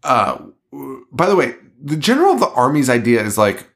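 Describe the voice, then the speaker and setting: A man co-hosting a horror film podcast, talking casually at a middle pitch. He rants and swears freely about the movie and laughs often. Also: huge pitch swings, brisk, a bit bright. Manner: profane, ranting, laughing often. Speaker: podcast co-host. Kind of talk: casual chat.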